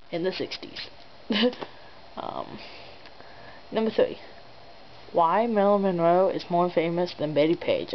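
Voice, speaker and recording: A young woman hosting a casual top ten countdown vlog, laughing often and making sarcastic asides. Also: on the low side. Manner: giggly and sarcastic, laughing between items. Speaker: vlogger. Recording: dull lo-fi webcam audio with faint background noise.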